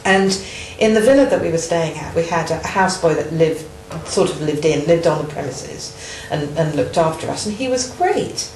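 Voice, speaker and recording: Earnest woman with a lowish voice. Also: animated, normal speed, hardly any pauses, darkish tone, echoey room, a little hiss or hum, low-quality recording. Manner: earnest, reflective storyteller. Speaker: interviewer. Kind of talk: casual interview chat.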